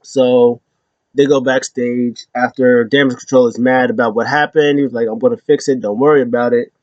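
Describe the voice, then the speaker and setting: A man's voice: medium pitch, fairly even intonation, moderate pace, darkish tone, no room sound, highs cut off. Rambling man casually recapping, dry sound. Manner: rambling, loose storytelling with self-corrections. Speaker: show host recapping wrestling.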